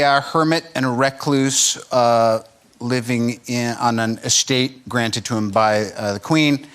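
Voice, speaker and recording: A male actor who is a guest on a talk show, talking in a relaxed, rambling way and dropping wry jokes. His voice sits at an ordinary middle pitch.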